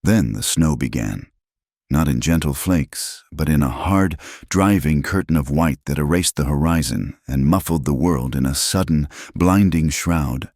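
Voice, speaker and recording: A man narrating a scripted western tale in a measured, dramatic reading style. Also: rumbling low, darkish tone, no room sound, clean studio sound.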